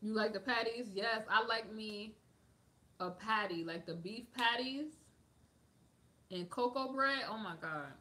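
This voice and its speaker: An American woman with a high, sharp-toned voice speaks unhurriedly, leaving long pauses. On her livestream she chats casually, responds to viewer comments and drifts between subjects, sprinkling in lots of "like."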